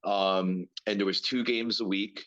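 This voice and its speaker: A man's voice: lowish voice, steady tone, a little slow, fairly bright tone, highs cut off. A man in his thirties, a former pro hockey player, telling stories as a guest in a casual interview, rambling with many fillers and repeated words.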